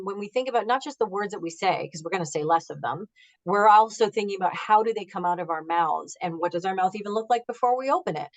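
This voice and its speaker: A fast-talking woman with a somewhat low voice, speaking as a negotiation coach in an interview. She gives advice emphatically and acts out her clients' words. She is heard over a video call. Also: poor audio. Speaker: negotiation expert and author, guest.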